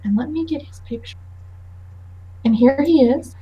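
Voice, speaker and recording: A woman narrating as game master in a tabletop game over voice chat, lively, with frequent fillers and laughs. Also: high-pitched, moderate pace, muffled recording, a little hiss or hum.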